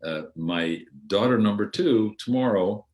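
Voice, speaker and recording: An older Canadian man with a very deep, darkish voice reminisces in a rambling spoken memoir about his theatre life as an outgoing artistic director. He's unhurried and hesitant, with many ums and restarts, and mimics voices in his anecdotes.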